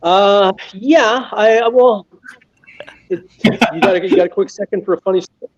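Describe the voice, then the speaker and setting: A Canadian man who detects metal as a hobby, telling a funny story in a casual live chat and acting out his own yelling. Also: high voice, normal speed, dull audio.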